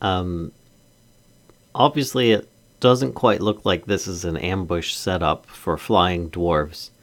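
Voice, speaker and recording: A man's voice: deep voice, slow. A man playing in a tabletop game, chatty, laughing easily and asking lots of questions. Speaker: player. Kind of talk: casual tabletop role-play.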